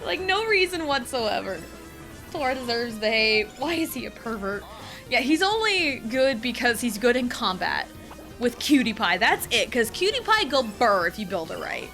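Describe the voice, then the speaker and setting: A woman's voice: fairly high pitch, big pitch swings, normal speed, a bit bright. A woman streaming a video game, chatting casually and giggling as she gushes about her favourite characters. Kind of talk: casual gaming livestream chat. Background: game music.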